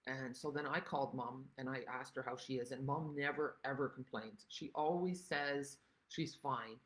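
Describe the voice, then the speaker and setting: A woman's voice: rumbling low, normal speed, rough recording. An older woman chatting casually through a livestream craft tutorial, rambling and greeting viewers by name. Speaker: stamping craft demonstrator.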